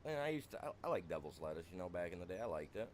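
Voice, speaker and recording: A man's voice: sits low, sing-song, racing, a little hiss or hum. A young American man streaming a farming game, rambling through a wild personal story and saying "dude" constantly.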